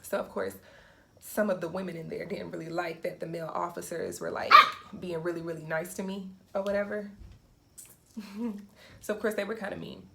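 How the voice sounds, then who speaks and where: A woman's voice: on the low side, fairly even intonation, normal speed, creaky, noisy background. A young woman vlogger telling a casual storytime, acting out quotes and laughing often.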